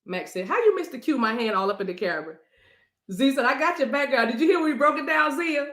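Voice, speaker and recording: A woman's voice: high-pitched, quick pace, fairly bright tone, roomy sound. A woman reading cards on a livestream, talking casually and playfully to her viewers and breaking into song now and then. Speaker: livestream card reader.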